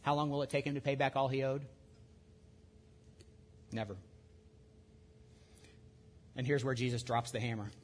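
A man preaching a sermon in a conversational way, with lively asides and restarts. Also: mid-range voice, normal speed, long pauses. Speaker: pastor.

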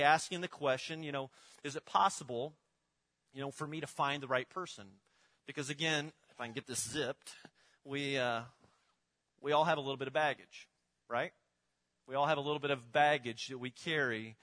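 Bright-voiced man preaching conversationally. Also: a little high. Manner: conversational, repeats words and restarts, uses props. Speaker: pastor. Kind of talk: sermon.

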